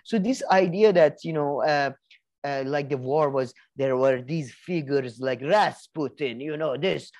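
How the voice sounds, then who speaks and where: A man's voice: fairly high pitch, unhurried, darkish tone. A man co-hosting a podcast in casual chat, rambling with many restarts, fillers and the odd swear word. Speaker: podcast co-host.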